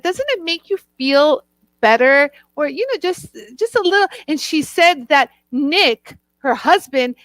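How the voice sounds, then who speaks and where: Bright, high-pitched chatty woman. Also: dry recording. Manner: chatty, encouraging, playful. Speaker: co-host. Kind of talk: casual chat.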